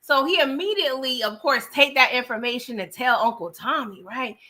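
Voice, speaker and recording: A woman's voice: sits high, moderate pace, sharp tone. A young woman chatting casually through a TV episode recap on a livestream, laughing and greeting viewers by name. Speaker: TV show recap host.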